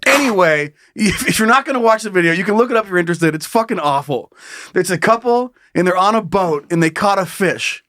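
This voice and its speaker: Male podcast co-host, raised pitch, crude and mock-exasperated, dry close mic. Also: lively intonation, a little fast, a bit bright, dry recording. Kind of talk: casual comedy podcast chat.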